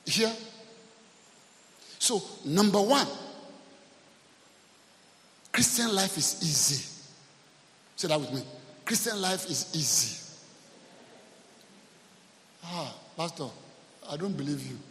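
A man preaching a sermon as pastor, animated, acting out quotes and calling out to the congregation. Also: a little high, slow pace, pauses often. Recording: long hall reverb.

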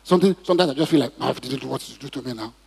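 A mid-range male voice, very fast, creaky, and slightly rough, echoes through a reverberant church hall. The pastor preaches a sermon, questioning the congregation and drawing responses from them.

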